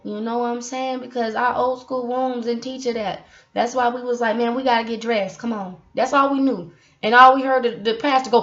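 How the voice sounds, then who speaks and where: Impassioned preachy woman in an echoey room. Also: sits high. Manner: impassioned, preachy, talks straight to viewers. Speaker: vlogger sharing faith testimony. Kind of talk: casual spoken testimony. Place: apartment room. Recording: roomy, dull lo-fi audio.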